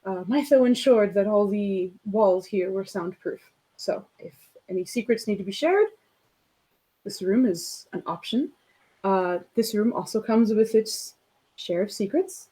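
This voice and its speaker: Woman voicing a courteous hostess showing off a manor, polite, a bit husky. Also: medium pitch, animated, warm tone, rough recording. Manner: polite, explanatory, measured. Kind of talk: tabletop role-play character voice.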